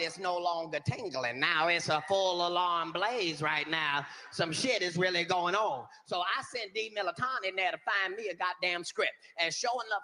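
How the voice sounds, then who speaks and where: A man performing a stand-up comedy routine, telling a profane, animated story on stage. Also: high-pitched, long reverb tail.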